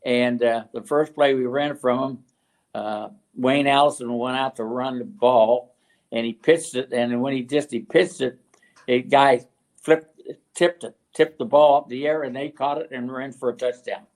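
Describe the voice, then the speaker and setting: An older man from West Virginia, a retired football coach, telling stories as a guest in an interview, halting and full of fillers and restarts. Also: mid-range voice, steady tone. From West Virginia, USA. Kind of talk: storytelling interview.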